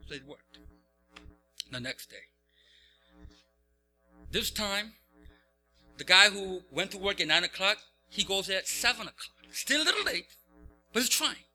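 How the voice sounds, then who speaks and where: A man's voice: high voice, measured pace, long pauses, faint music behind. A male pastor telling a story in a sermon, acting out the characters' voices. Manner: animated, acts out voices.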